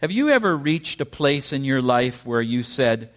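A man preaching a sermon in church, with emphatic questions and dramatic rises in pitch. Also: sing-song, normal speed, a bit bright. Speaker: pastor.

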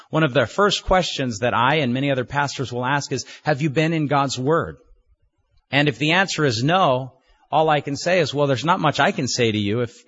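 A pastor delivers his sermon in an earnest, measured way, returning to key phrases to drive them home. His voice sits at an ordinary middle pitch for a man. The recording sounds a little dull and muffled. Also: fairly bright tone. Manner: earnest, measured preaching with emphatic repetition.

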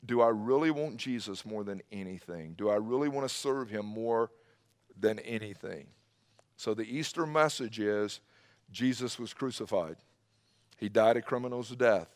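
A man preaching an Easter sermon to a church, swinging between loud emphatic bursts and hushed low passages. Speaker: pastor. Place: church service streamed online.

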